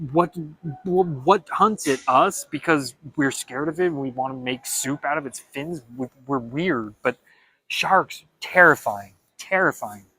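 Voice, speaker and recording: A young man talking in a casual vlog monologue, animated and dramatic, with frequent stammered restarts. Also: fairly high pitch, no room sound. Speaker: vlogger.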